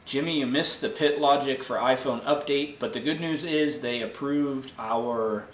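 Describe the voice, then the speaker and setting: A man hosting a live question-and-answer show, explaining technical answers in a relaxed way with many fillers. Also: medium pitch, measured pace, echoey room, slight background noise. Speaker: host answering viewer tech questions. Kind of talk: casual live Q&A.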